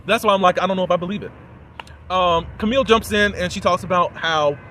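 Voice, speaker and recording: Sassy and opinionated, a man recaps a reality show for his viewers, talking to them directly in a casual, chatty way. His voice is fairly high with a fairly bright tone, and a faint hiss of noise can be heard behind it.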